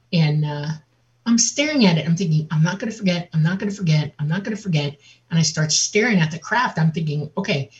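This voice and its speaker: A woman guest on an interview, telling a personal story in a lively way and acting out the voices of other people. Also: deep voice. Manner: vivid, laughs often, acts out quotes. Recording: dull lo-fi audio.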